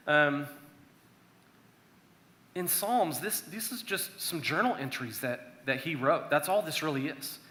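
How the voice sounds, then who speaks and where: A youth minister delivers a casual, conversational sermon with a fairly high, bright voice. He talks to the group like friends and drops into a hush when acting out prayers. The room around him is echoey. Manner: conversational, acts out prayers in a hushed voice.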